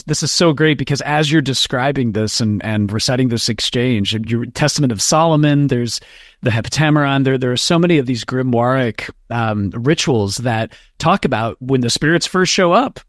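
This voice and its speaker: A man's voice: medium pitch, normal speed, dry recording, clean studio sound. A man hosting a podcast interview, enthusiastic and effusive. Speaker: podcast host.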